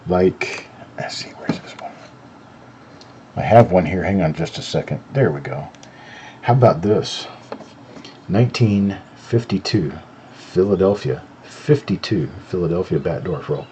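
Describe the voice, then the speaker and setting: A middle-aged man with a deep, mellow, expressive voice speaks a little slowly while hosting a casual live stream, chatting easily as he examines coins one by one. He has no southern accent and isn't from North Carolina. A slight hiss or hum runs through the audio.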